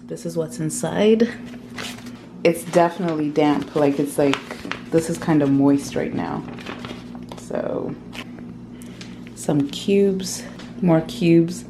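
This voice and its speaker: Low-voiced, unhurried woman vlogger. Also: background noise. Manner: chatty, rambling with frequent "like". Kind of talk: casual unboxing vlog. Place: at home, indoors.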